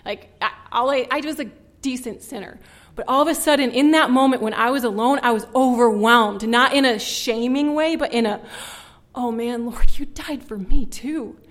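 A woman's voice: a little high, moderate pace, a bit bright. Earnest woman giving a personal testimony. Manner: earnest, conversational, with frequent "like". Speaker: speaker sharing her testimony.

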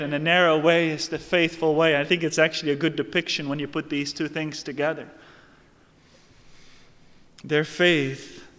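A man preaching a sermon, slow and emphatic, swinging from hushed lines to raised ones. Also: a little high. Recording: long hall reverb.

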